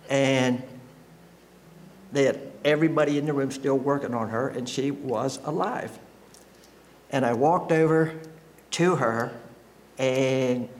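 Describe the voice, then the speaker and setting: A man giving a personal testimony to a church congregation, telling his story in an emotional, halting way that often breaks into laughter. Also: mid-range voice, slight background noise.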